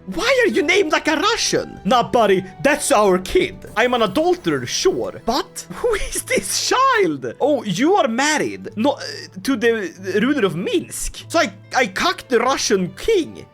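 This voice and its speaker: A woman hosting comedic gameplay commentary, jokey and excitable, laughing often and swinging between shouts and mutters. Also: on the high side, a little slow, soft background music. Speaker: gaming video host.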